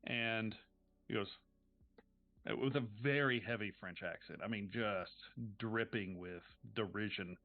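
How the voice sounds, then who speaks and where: A man's voice: lowish voice, unhurried. Male game master on a tinny stream. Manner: casual, filler-heavy narration. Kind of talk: narrating a tabletop role-playing game. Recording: tinny phone-like stream audio.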